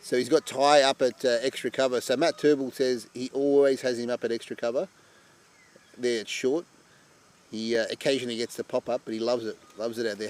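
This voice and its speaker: A man giving chatty live commentary on an amateur cricket match. He breaks into loud excitement at wickets. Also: medium pitch, a little fast.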